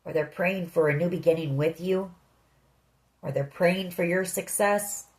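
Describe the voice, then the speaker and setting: A woman's voice: on the low side, unhurried, poor audio. A woman giving a tarot reading, speaking earnestly and directly to the listener. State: emotional. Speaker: tarot reader.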